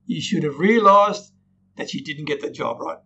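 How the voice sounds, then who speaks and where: A man's voice: a little high, expressive, normal speed, creaky, bright, forceful tone, breathy edge, lo-fi sound. A man teaching how to tell stories in a recorded lesson, often checking in with "right?" and acting out example sentences in different tones. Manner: demonstrates tones, frequent "right?" tag questions. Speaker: storytelling coach.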